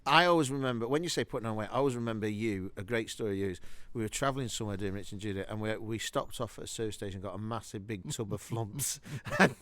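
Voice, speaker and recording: A man's voice: fairly low pitch, a bit bright, dry recording. A man co-hosting a comedy podcast in casual chat, teasing his co-host and laughing easily. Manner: teasing, quick to laugh, with blunt interjections.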